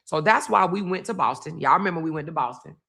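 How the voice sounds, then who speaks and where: A woman's voice: sits low, expressive, fast, creaky, pushed and bright, slightly rough. A middle-aged woman, telling a family story to her viewers in a casual, emphatic way, repeating phrases. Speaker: vlog host.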